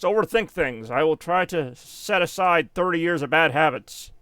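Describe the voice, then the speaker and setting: A man's voice: on the high side, lively intonation, moderate pace, fairly bright tone, clear, resonant tone, dry recording, studio quality. A man in his thirties giving rambling live commentary on a game, laughing often. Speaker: game streamer.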